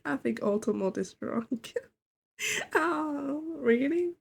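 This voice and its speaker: A woman's voice: sits high, animated, slow, creaky, breathy edge. A woman from Switzerland with a Swiss German accent, chatting casually and giggling often while streaming a game. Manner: giggly, frequent laughs. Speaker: vtuber streamer.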